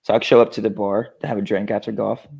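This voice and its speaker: A man in his thirties co-hosting a casual podcast, laid-back and quick to laugh. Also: on the low side, flat delivery, gravelly, a little mellow, husky. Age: 30s. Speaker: podcast co-host. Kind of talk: casual chat.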